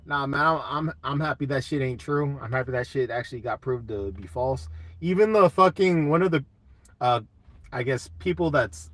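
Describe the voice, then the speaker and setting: A man's voice: mid-range voice, a bit bright, no echo. A young man hosting a casual live chat, laid-back and swearing a lot while answering comments.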